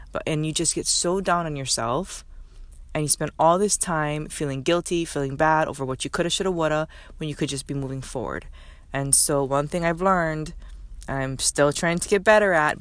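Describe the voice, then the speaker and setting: A woman's voice: sits low, no room sound. Candid woman giving herself a pep talk. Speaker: podcast host. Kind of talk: solo motivational podcast talk.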